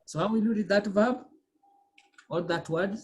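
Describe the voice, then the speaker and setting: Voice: mid-range voice, unhurried, a little mellow. A language teacher giving a pronunciation lesson, quizzing the class, repeating words patiently and checking in with "okay?" and "eh?".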